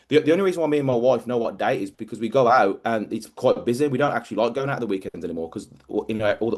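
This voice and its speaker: A man giving a motivational talk as a business mentor, emphatic and energetic, often repeating words as he drives a point home. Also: medium pitch.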